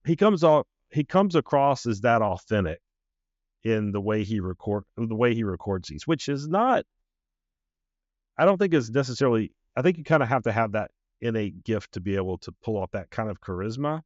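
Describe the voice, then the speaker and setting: Halting low-voiced podcast co-host man. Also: sing-song, darkish tone, no echo, highs cut off. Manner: halting, searching for words with many fillers. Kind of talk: casual chat.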